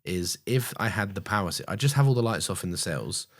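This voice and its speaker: A young man with a lowish voice, co-hosting a casual podcast chat. He rambles, swears freely and trips over his own sentences, circling back to restart. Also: lively intonation, brisk. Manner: sweary, rambling, self-interrupting. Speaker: podcast co-host.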